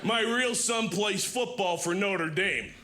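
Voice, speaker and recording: A middle-aged man doing a stand-up set in a comedy club, with wry self-deprecating punchlines and sudden shouted bursts. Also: high-pitched, slow pace. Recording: noisy live club recording. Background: audience laughter.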